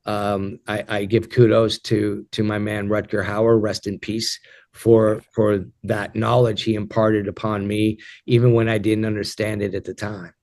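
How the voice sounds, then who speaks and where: A man in his fifties answering interview questions as an actor, reflective and halting, with frequent repeated starts. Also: on the low side, flat delivery, darkish tone. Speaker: actor guest.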